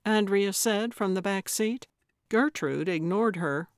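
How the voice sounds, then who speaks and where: An audiobook narrator with a middle-pitched voice reads a cozy mystery, telling the scripted story slowly and in measured tones. The recording is close and dry, with no room sound or echo.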